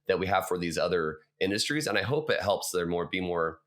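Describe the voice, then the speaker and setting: A man's voice: low voice, expressive, a little fast, a bit bright. A man hosting a podcast, sharing his views in an earnest, thinking-aloud way. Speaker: podcast host. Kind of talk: casual interview chat.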